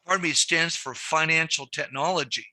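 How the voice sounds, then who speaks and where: A man's voice: fairly high pitch, moderate pace, dry recording. A middle-aged man teaching a banking class, telling stories and acting out what people said. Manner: animated storyteller, acts out quotes. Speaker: banking trainer. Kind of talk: live training session.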